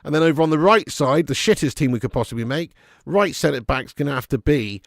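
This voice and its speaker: A man's voice: a little high, lively intonation, fairly quick, creaky, hardly any pauses, no room sound. A man hosting a live football watch-along, chatting casually, reading out viewer messages and laughing often. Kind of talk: casual live match commentary.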